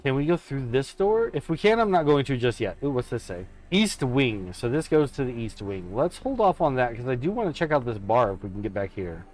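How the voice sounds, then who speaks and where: A man's voice: medium pitch, very animated, brisk, few pauses, a little mellow. A man streaming a horror game live, commenting as he explores and making playful, mock-dramatic asides to himself.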